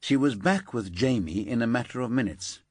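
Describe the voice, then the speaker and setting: A man narrating a thriller audiobook in an expressive storytelling manner. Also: mid-range voice, normal speed, no room sound, studio quality. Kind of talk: scripted narration.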